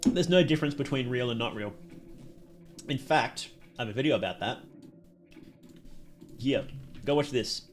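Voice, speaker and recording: A man's voice: medium pitch, moderate pace, long pauses, soft background music. Chatty Australian man streaming. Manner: chatty, laughs often, reads chat aloud. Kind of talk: casual live stream chat.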